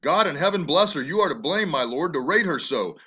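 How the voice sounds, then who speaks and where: A man's voice: on the high side, lively intonation, fairly quick, pushed and bright, slightly rough, full character voice. A man reading the lines of an outspoken old nurse who scolds a lord to defend a girl. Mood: scolding.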